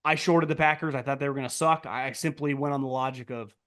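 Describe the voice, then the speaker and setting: A man's voice: fairly even intonation, quick pace. A man hosting a sports podcast, riffing in a blunt, profane, casual monologue full of "like" and restarts. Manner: jumps to loud, high mocking outbursts.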